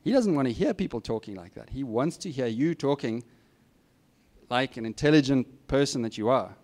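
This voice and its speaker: Speaking at a moderate pace, this middle-aged man has a medium-pitched, somewhat mellow voice with lively intonation. He's a guest speaker offering students frank, down-to-earth career tips and poking fun at himself in an informal advice session.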